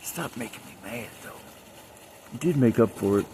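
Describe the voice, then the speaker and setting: A man's voice: mid-range voice, lively intonation, normal speed, mellow, slight background noise. A man rambling and venting in an agitated monologue, swearing heavily as he talks. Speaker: vlogger.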